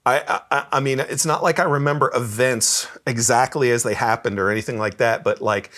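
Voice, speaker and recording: A man's voice: medium pitch, a little fast, a bit bright. A man telling stories in a casual interview, easygoing, laughing often and repeating words as he starts sentences. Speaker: guest musician.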